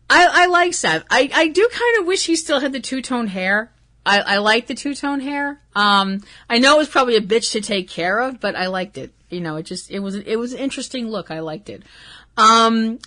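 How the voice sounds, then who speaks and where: A woman's voice: medium pitch, bright, forceful tone. A woman hosting a wrestling talk show, chatting casually and gushing, with lots of ums and restarts. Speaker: host. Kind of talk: casual solo podcast chat.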